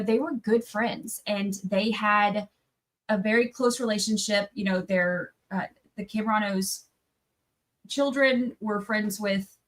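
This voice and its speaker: A woman's voice: medium pitch, low-quality recording. Chatty woman livestreaming. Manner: chatty, rambling, breaks off mid-sentence. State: tired from little sleep. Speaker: livestream trial commentator. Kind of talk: casual livestream chat.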